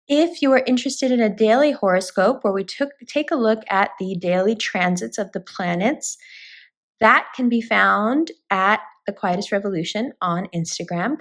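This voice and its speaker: A woman giving a spoken tarot reading, talking straight to her viewers in an earnest, reassuring way. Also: medium pitch. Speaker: tarot reader.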